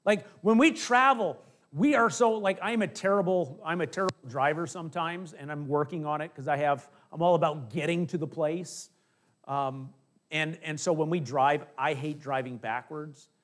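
A middle-aged male pastor preaching a conversational sermon, acting out little asides and dropping from emphatic to hushed. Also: fairly high pitch, normal speed.

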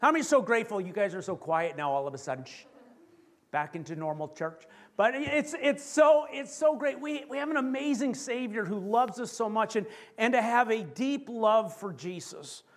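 Man, Canadian accent, high-pitched, preaching, emphatic pauses, rhetorical questions. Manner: lively preaching with rhetorical questions and stressed slow phrases. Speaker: pastor. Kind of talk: sermon.

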